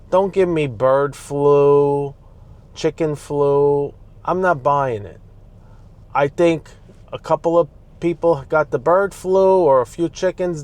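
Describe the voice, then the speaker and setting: A man from the Bronx with a New York accent, ranting in a vlog while he drives and talking back at the traffic around him. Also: fairly high pitch. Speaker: vlogger. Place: inside a car on city roads. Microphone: dash-mounted camera. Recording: faint road noise inside a car. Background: traffic and street noise.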